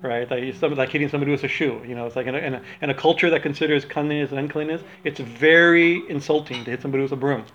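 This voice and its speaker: A spiritual teacher gives an informal religious talk, rambling with many restarts and habitually asking "right?". His fairly high, slightly bright voice races along with few pauses, captured on a dull lo-fi recording with slight background noise.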